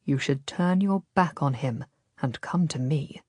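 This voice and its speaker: A woman voicing a smooth, persuasive Ottoman nobleman who speaks quietly and gently in an audiobook. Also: deep voice, measured pace, no echo, clean studio sound, voice pushed down. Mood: coaxing, ominous.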